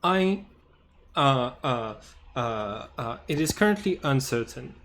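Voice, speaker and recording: A man game master voicing a sentient computer intelligence that wants to return to the stars, in a slow, halting delivery. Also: mid-range voice, animated, fairly bright tone, slight background noise. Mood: measured.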